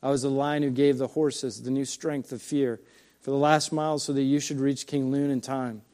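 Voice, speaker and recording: A man voicing a great, solemn male lion, reading his lines slowly and gravely from a storybook. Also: mid-range voice, warm tone, voice pushed down, natural voice.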